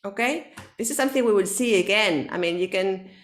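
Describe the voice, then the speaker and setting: A woman's voice: mid-range voice, brisk. Spanish-accented woman teaching English. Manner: explains patiently, checks with "okay?", switches between English and Spanish. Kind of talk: online English lesson.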